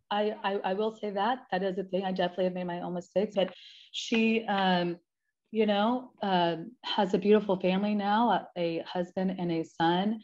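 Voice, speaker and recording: A woman's voice: mid-range voice, a little mellow, lo-fi sound. A young adult woman telling a personal story in an earnest, emphatic way, often restarting her sentences. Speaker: guest sharing her story.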